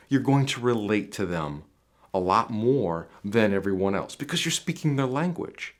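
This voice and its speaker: A man coaching viewers on job interviews in an emphatic, repetitive advice monologue that speaks straight to the listener. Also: mid-range voice.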